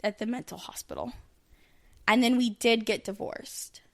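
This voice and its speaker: A woman's voice: on the high side, normal speed, vocal fry. A woman in her thirties candidly telling a personal story on a podcast, rambling with many fillers and restarts. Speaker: podcast co-host.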